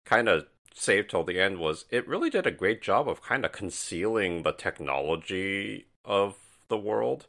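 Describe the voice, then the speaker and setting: A man co-hosting a podcast, chatting casually about a film and handing the turn to others. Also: low voice. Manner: relaxed, chatty, prompts others to speak. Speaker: podcast co-host.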